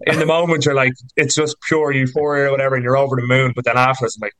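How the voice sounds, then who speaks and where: Irish man in his thirties, casual podcast guest, rambling and flat-pitched, dry close mic. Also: very fast, no room sound, rough recording. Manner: chatty, rambling storyteller with many fillers. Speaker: rugby player guest.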